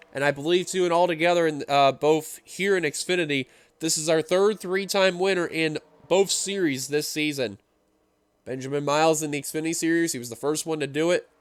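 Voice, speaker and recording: Male race caller, high-pitched and breathless, energetic play-by-play, dry booth sound. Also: clean tone, no room sound. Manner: excitable, builds to shouting at the finish. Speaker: race commentator. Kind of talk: sim racing play-by-play commentary.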